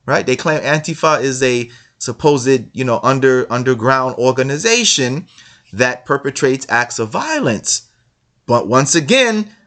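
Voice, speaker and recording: A man with a somewhat high voice speaks in an emphatic, repetitive monologue, reading passages and then commenting on them. He speaks straight to his listeners. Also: a bit bright. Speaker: online commentator.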